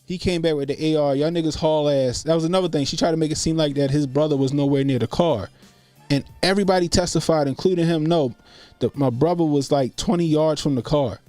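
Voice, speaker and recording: Casual streamer, man, animated and profane, dry close mic. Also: fairly high pitch, a little fast, no room sound, faint music behind. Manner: animated, profane, acts out quotes. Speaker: host. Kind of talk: casual livestream commentary.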